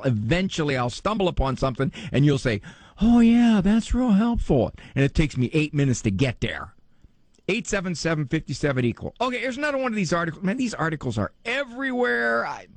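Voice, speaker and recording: A man's voice: medium pitch, no echo. A man hosting a call-in radio show as a psychologist, joking and self-deprecating as he rambles along. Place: radio studio.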